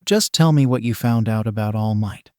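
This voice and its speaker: A man reading as a calm, gentle villain mentor. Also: fairly low pitch, normal speed, no echo, studio quality, lightly acted. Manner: soft and steady.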